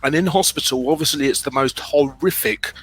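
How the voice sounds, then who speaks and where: A man's voice: medium pitch, a little fast, fairly bright tone, poor audio. A middle-aged man with a British accent, telling his own story as a guest in a candid, self-deprecating way, often restarting his sentences.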